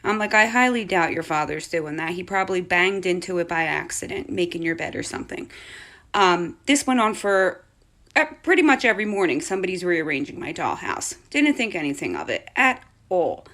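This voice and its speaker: A woman, a mother, telling a spooky story about her young daughter in a chatty, animated way. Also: on the low side, a little fast. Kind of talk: casual storytime.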